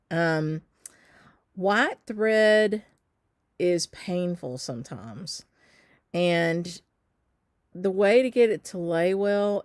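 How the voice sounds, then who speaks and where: A woman's voice: on the low side, no echo. A Southern American woman hosting a casual live stream, chatting and answering viewer comments with lots of ums. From Southern United States. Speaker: shop owner hosting a live stitch.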